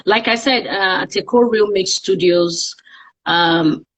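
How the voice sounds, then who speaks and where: A woman's voice: medium pitch, takes it slowly. A woman with a Nigerian accent, a guest on a live-streamed interview, talking candidly and reflectively about her life. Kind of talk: casual interview on a social media live stream.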